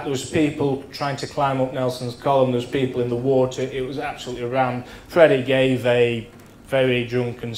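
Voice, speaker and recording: A man in his thirties spins bawdy after-dinner anecdotes, swearing freely and acting out the people in his stories. His voice sits at a middling pitch. It rings around a roomy function hall over a faint murmur of ambience. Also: a little hiss or hum. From England. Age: 30s.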